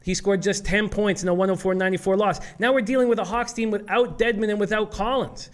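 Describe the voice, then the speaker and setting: Man, high voice, sports betting co-host, steady, prepared, stat-heavy delivery. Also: fast. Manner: reels off statistics in a steady, prepared way. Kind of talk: sports betting picks analysis.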